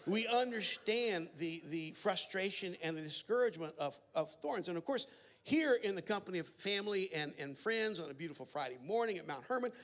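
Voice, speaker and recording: A man's voice: high voice, sharp tone. A man giving a sermon at a family camp, telling a story with many fillers and restarts. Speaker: camp speaker.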